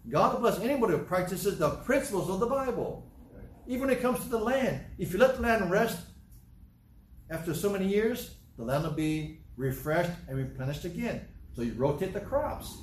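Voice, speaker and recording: Male pastor, sermon, emphatic, repeats his points, slightly high voice, echoey room. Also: lively intonation, moderate pace, distant mic. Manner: emphatic, repetitive preaching.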